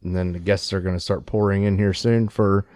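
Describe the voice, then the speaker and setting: A lower-voiced man co-hosting a casual podcast, trading easygoing, profanity-laced banter with a friend. His voice is recorded close and dry, with no room echo behind it. He talks like someone relaxing at home over drinks. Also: fairly even intonation, a little fast, a little mellow. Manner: swears freely, laid-back banter. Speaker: podcast co-host.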